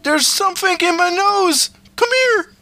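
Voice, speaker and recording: A man voicing a panicking man with a spider lodged in his nose, shouting frantically in a high pitch. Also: lively intonation, unhurried, creaky, no echo, full character voice. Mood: screaming panic.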